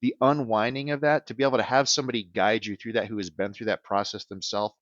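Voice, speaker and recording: A man's voice: on the low side, fairly even intonation, fast, fairly bright tone, no room sound, highs cut off. A man who works as a business transition advisor, answering podcast interview questions in an earnest way and often checking in with "right?".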